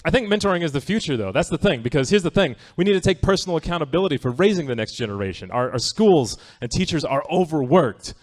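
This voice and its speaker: A man performs stand-up in a theatre, his fairly high, darkish voice racing along expressively with few pauses. He keeps it loose, wry and conversational, regularly asking the crowd "right?"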